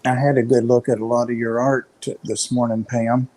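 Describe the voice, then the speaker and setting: A man's voice: medium pitch, level tone, brisk, warm tone, rough recording. A man co-hosting a livestream, chatting casually with dry, wry remarks. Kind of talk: casual chat.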